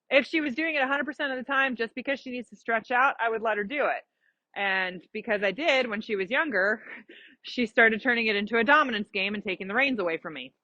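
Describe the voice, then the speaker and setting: Bright-voiced woman riding instructor. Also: fairly high pitch, no room sound, highs cut off. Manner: encouraging, explains patiently with examples. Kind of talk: live coaching during a riding lesson.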